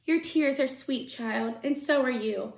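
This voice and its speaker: A tired, kindly old woman speaks in a soft, tender voice, played by a woman reading a novel aloud. The voice sits a little high and carries a gentle, grieving weight. The recording has a roomy echo. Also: a little slow, gravelly. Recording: echoey room.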